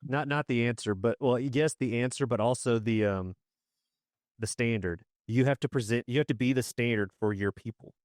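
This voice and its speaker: A man in his thirties with a mid-range voice chats casually as a podcast co-host. He talks haltingly, restarts his sentences, and swears along the way. The recording is dry and close. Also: mid-range voice, darkish tone, no echo. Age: 30s. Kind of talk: casual chat.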